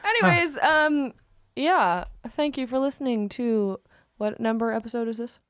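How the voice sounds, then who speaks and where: Woman guest, jokey and giggly, clear smooth tone, dry recording. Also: a little high, lively intonation, normal speed, fairly bright tone, dry recording. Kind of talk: casual podcast chat.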